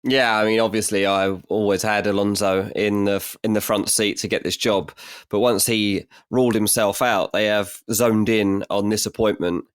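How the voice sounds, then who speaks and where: Male transfer pundit, lowish voice, teasing and rambling, dry close sound. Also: fairly even intonation, normal speed, clear, resonant tone, no echo. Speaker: football transfer journalist. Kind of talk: casual football podcast chat.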